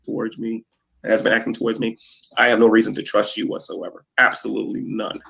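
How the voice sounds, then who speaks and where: A man in a played video clip, talking straight at a rival in a confrontational monologue, halting and repeating words. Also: on the low side, completely flat delivery, vocal fry, fairly bright tone. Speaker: video maker addressing a rival.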